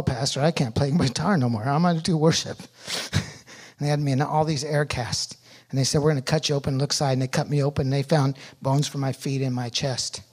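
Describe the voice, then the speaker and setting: A middle-aged man giving a sermon testimony, telling his story with animated energy that rises loud at its peaks. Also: fairly high pitch, breathy edge. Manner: animated storytelling, rising loud when reliving pain.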